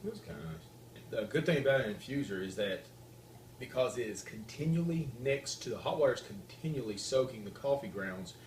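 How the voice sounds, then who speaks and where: A man's voice: medium pitch, animated, brisk, echoey room, slight background noise. A man with a Southern US accent, chatting casually as he explains each step of making coffee on his own show. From Deep South, US. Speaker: host, coffee reviewer. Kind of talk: casual demonstration chat.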